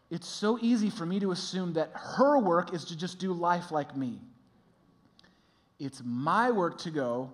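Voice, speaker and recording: A pastor preaching with earnest conviction. He has a fairly high voice for a man and grows lively in his stories. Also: a little slow. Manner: earnest, animated when telling stories. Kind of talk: sermon.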